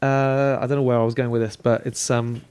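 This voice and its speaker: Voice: medium pitch, fairly quick, clear, resonant tone, no room sound. A British speaker who once had a London accent, chatting casually as a co-host and swearing freely. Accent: British, formerly London. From England. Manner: chatty, swears freely, animated voices for quoted people. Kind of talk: casual chat.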